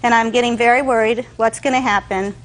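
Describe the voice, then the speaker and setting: A woman's voice: a little high, steady tone, brisk, a bit bright, rough recording. A woman testifying in court, telling her story animatedly and acting out what others said. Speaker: defendant.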